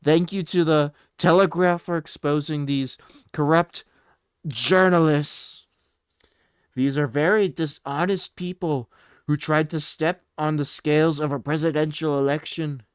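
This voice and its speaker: A man doing an impression of a blustering older male politician, reading a post in a loud, drawn-out, emphatic voice. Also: on the high side, fairly even intonation, clear, resonant tone, no room sound, studio quality, pitched above the performer's own voice, natural voice. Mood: bombastic.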